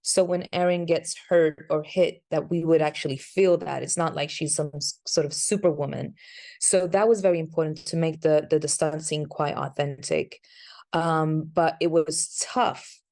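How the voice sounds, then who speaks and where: Woman with a lowish voice. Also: fairly even intonation, moderate pace, a little mellow. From Sweden. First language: Swedish. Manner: chatty, searching for words. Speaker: actress, interview guest. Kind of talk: casual interview answers.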